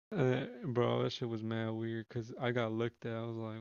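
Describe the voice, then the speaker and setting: Gravelly young man telling a rambling story. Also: medium pitch, monotone, unhurried, a little mellow, no room sound, lo-fi sound. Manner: rambling, slangy, swears freely, restarts often. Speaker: streamer. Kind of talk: casual storytelling on a livestream.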